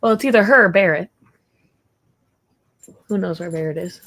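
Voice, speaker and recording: A woman's voice: fairly low pitch, moderate pace, fairly bright tone. A young woman hosting a casual livestream from her home, chatting in a rambling way with viewers and stopping now and then to talk to her dog. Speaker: livestream host.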